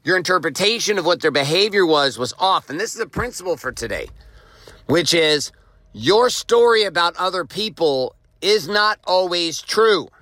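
A man's voice: high voice, lively intonation, moderate pace, sharp tone, no echo, low-quality recording. A man hosting a motivational podcast, telling a story and repeating his main point with emphasis. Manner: emphatic, repeats key lines. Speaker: podcast host. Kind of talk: motivational monologue.

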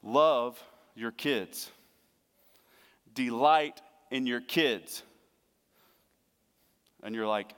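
A middle-aged man preaching a sermon as pastor, earnest, moving between hushed tender lines and emphatic raised passages. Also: mid-range voice, drawn-out words, pauses often, clear, resonant tone. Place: church sanctuary. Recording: long hall reverb.

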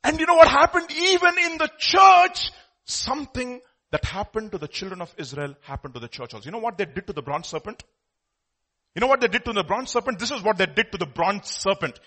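Male preacher, high bright voice, emphatic, loud bursts then low asides. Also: expressive, quick pace, slightly rough. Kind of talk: sermon.

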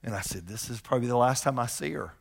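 Middle-aged man, pastor in mid-sermon, emphatic storyteller, mid-pitched voice, long church reverb. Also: quick pace, creaky. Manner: emphatic, repeats key phrases, tells personal stories. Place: large church sanctuary. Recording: long hall reverb from sanctuary.

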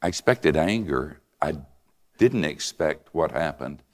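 An older man preaching a sermon and telling a story in an animated, conversational way. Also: rumbling low, unhurried. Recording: reverberant hall.

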